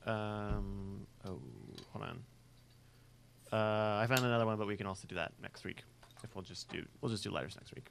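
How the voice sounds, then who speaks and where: A man co-hosting a casual podcast, tossing out deadpan quips and speaking hesitantly. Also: lowish voice, moderate pace, vocal fry, a little hiss or hum. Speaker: podcast co-host.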